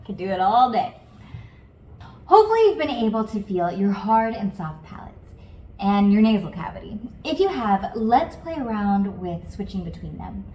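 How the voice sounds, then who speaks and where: A woman singing teacher coaching beginners step by step in a calm, encouraging way. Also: mid-range voice, normal speed, echoey room, highs cut off. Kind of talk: guided vocal lesson.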